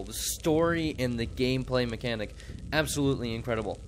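A man's voice: mid-range voice, normal speed, soft background music. A man doing livestream commentary on a horror game, with startled, jumpy exclamations and enthusiastic reactions. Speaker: streamer.

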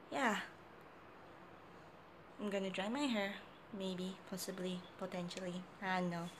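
A young woman vlogging casually at home on her phone, chatting and coaxing her dog in playful baby talk. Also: fairly low pitch. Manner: playful sing-song baby talk to a pet. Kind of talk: casual vlog chat and talking to her dog. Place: home bathroom and bedroom, indoors. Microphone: phone camera. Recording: phone recording with clear background noise.

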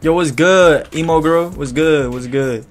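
A man gives casual gameplay commentary, hyped and full of profane trash talk. His voice sits a little high for a man. Soft music plays faintly underneath. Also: a little slow. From Louisiana, USA. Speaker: gaming YouTuber.

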